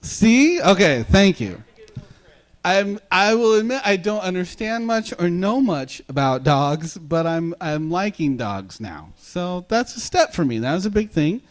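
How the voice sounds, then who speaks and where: A man's voice: sits high, very animated, unhurried. A man preaching a casual sermon as pastor, chatty and self-deprecating, bantering with his congregation.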